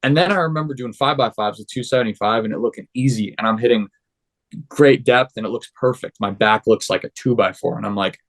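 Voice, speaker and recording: Casting: young adult man, podcast guest, animated storyteller with a mid-range voice. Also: mid-range voice, brisk. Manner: animated, acts out quoted dialogue. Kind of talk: casual storytelling.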